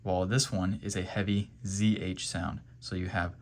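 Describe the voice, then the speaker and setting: Teaching pronunciation for Quran reading one step at a time, this man speaks with a deep voice, a flat delivery, and a moderate pace. He repeats letter sounds patiently, checking in now and then with "okay?"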